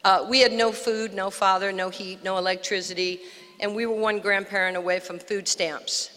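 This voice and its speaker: An older woman from New York with a New York accent, telling an animated personal story as a speaker at an outdoor park dedication. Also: mid-range voice, moderate pace, in a large hall. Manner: animated storyteller, acts out quotes. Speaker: guest speaker. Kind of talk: storytelling speech.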